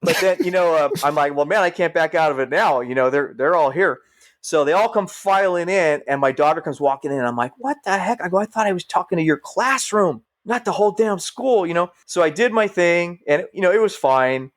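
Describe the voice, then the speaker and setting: Middle-aged guy telling firehouse stories on a podcast, fairly high voice, keeps doing the other people's voices. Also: brisk. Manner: animated storyteller, acts out quoted voices. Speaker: podcast guest, firefighter. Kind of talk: casual storytelling.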